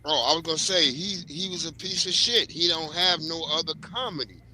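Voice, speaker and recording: A man's voice: on the high side, fairly quick, bright, forceful tone, slight background noise, rough recording. A man in a casual panel talk, heated and blunt, swearing freely.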